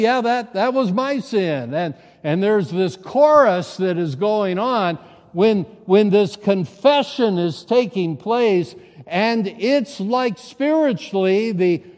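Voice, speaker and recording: A man preaching a sermon as a pastor, telling stories in a halting, conversational way with repeated words. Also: sits high, a little mellow, in a large hall. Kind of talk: sermon storytelling.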